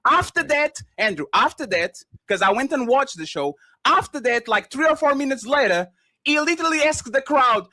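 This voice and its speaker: A man's voice: extremely high pitch, lively intonation, fairly quick, bright, forceful tone, no echo. A man arguing against his opponent in a debate, combative and informal. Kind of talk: debate argument.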